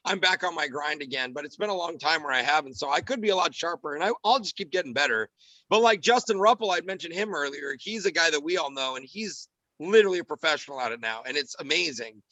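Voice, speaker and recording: A man's voice: on the high side, lively intonation, sharp tone, no echo, poor audio. A man guesting on a podcast, chatting casually and a little giggly, with lots of fillers. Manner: giggly, talks fast with many fillers. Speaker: podcast guest, radio show comedian.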